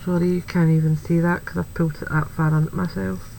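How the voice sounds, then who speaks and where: A woman's voice: fairly low pitch, little pitch movement, quick pace, gravelly, warm tone, slight background noise, rough recording. A woman chatting through a card-making tutorial, thinking aloud as she works and making light of her own slips. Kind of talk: craft tutorial, talking while working.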